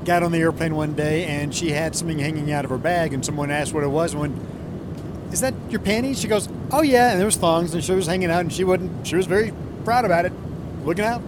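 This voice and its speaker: A man's voice: a little high, steady tone, fast. A man, a flight attendant, chatting and telling an anecdote, acting out the people in it. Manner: chatty, plays the people in his stories. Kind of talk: casual storytelling. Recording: clear traffic noise behind.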